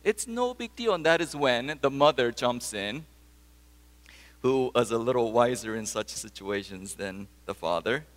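Slow, deliberate preacher in a reverberant hall. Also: male voice, mid-range voice. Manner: storytelling, asks the congregation questions. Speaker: pastor. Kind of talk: sermon.

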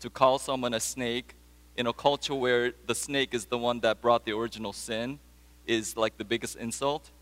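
A man's voice: medium pitch, fairly even intonation, normal speed, fairly bright tone, in a large hall. A man preaching a sermon, telling stories and putting questions to his congregation. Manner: storytelling, asks the congregation questions. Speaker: pastor.

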